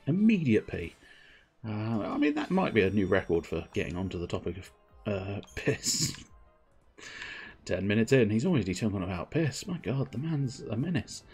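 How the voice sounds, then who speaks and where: A man's voice: low-pitched, darkish tone, husky. A man giving rambling, jokey, self-mocking commentary while he plays on a live stream. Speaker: game streamer.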